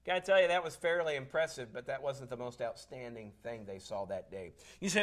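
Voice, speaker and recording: A man preaching a sermon, moving between quiet, drawn-out phrases and loud, emphatic lines. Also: mid-range voice. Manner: dynamic preaching, swings between hushed and emphatic. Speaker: pastor.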